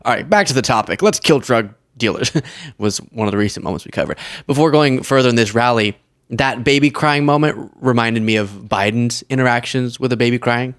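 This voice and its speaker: A man's voice: medium pitch, brisk, a bit bright, clean tone, dry recording. Guy doing a political commentary show, sarcastic and chatty, dry close sound. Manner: sarcastic, conversational, laughs often.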